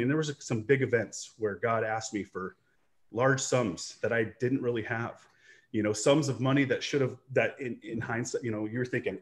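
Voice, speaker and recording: A man's voice: mid-range voice, moderate pace. A man who runs an online business and coaches, talking earnestly and reflectively on a video call, rambling with restarts and checking in with "right?". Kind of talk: candid personal storytelling in a video-call interview.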